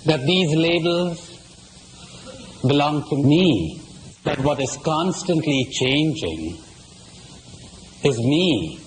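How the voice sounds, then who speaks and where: A man delivers a spiritual lecture, his pitch rising and falling widely as he poses rhetorical questions and tells jokes. He speaks at an unhurried, deliberate pace. A faint hiss of background noise runs under the recording. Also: lively intonation, rough recording. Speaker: retreat speaker. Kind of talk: spiritual lecture to a live audience.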